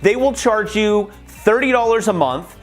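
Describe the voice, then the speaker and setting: A man talking casually in a how-to vlog, chatty and animated, acting out little conversations as he gives tips. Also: high voice, measured pace, faint music behind. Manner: chatty and animated, acts out quoted exchanges. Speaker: YouTube creator.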